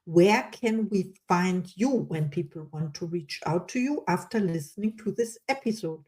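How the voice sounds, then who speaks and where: A woman hosting a podcast interview, slightly low in pitch with a dark, mellow tone. She talks enthusiastically and heaps praise on her guest in a casual chat. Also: animated, normal speed. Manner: enthusiastic, warm and effusive with praise. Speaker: podcast host.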